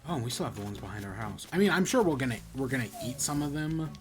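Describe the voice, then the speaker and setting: A man's voice: mid-range voice, animated, fast talker, music in the background. A man streaming a video game, chatting casually in rambling, self-correcting bursts. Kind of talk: casual gameplay commentary.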